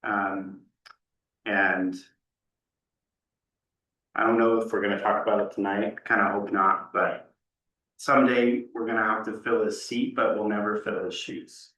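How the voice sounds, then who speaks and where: A man on a school board speaks slowly and haltingly, his voice bright and a little low. He sounds distant, in an echoing meeting room. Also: fairly even intonation. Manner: slow, halting, heartfelt. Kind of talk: spoken tribute at a board meeting. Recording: roomy sound from a distant mic.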